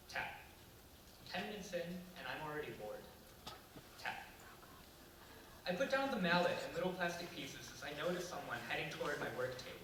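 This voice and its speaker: A teenage boy reading his personal essay aloud to an audience, with a halting start and then steady reading. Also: on the high side. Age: teens. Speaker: student reader. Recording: echoey room from far off, faint noise.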